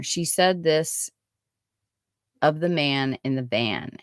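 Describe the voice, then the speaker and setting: A woman's voice: rumbling low, takes it slowly, no room sound, clean studio sound. A woman hosting a true-crime podcast, reading her own write-up of a case in a casual way, with chatty asides and frequent fillers. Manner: chatty, many fillers and restarts between read passages.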